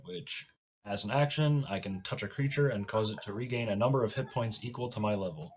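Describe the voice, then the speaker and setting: A man's voice: on the low side, brisk, husky. A man playing a tabletop game, talking in a playful, hesitant way. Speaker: player. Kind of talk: tabletop role-play chat.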